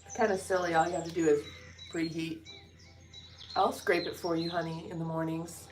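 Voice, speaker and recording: Sitting indoors by a window with birds singing outside, a woman vlogs through a casual morning chat, cracking jokes and talking to her dogs. Her voice is on the low side and darkish, delivered flatly at normal speed, with faint music behind her.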